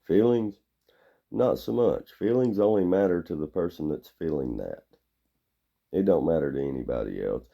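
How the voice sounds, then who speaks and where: Gravelly very deep-voiced man, blunt. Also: expressive, moderate pace, dull audio. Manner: blunt, gruff, rambling. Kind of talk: opinionated monologue.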